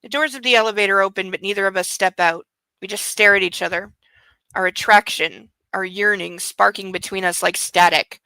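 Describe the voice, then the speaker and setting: A smug young billionaire lover narrates his own craving in a crisp, bright voice, as a woman reads him from a novel. He leans into his words with breathy, drawn-out emphasis. The sound is close and dry. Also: mid-range voice, fairly even intonation, no echo, poor audio. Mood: brooding. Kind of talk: dramatic reading of a novel.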